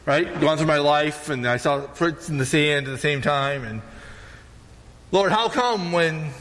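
High-voiced pastor in reverberant hall. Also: male voice, steady tone, moderate pace, a bit bright. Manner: conversational, often asks "right?". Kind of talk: casual sermon.

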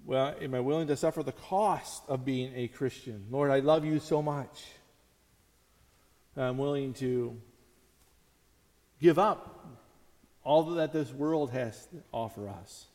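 A man's voice: mid-range voice, unhurried, a little mellow, in a large hall. A man preaching a sermon in a conversational, storytelling way, acting out the quotes he tells. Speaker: pastor.

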